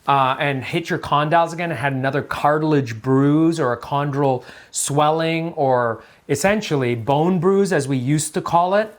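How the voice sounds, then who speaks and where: A man with the easy, rambling delivery of a doctor breaking down a medical topic on camera. He jokes around and drifts into side remarks, leaning on fillers as he goes. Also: on the high side. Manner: chatty and digressive, jokes around, many fillers. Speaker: orthopedic doctor explaining a sports injury. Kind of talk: casual medical explainer talk.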